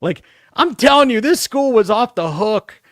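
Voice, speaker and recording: A middle-aged man hosting a talk show, telling rambling, profane stories about his school days in a casual, animated way. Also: extremely high pitch, normal speed, dry recording, studio quality. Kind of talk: casual storytelling.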